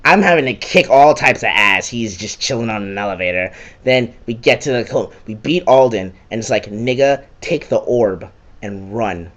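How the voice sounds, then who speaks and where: A man's voice: medium pitch, expressive, normal speed, fairly bright tone. A young man giving a casual, profane and sarcastic rant recapping a video game.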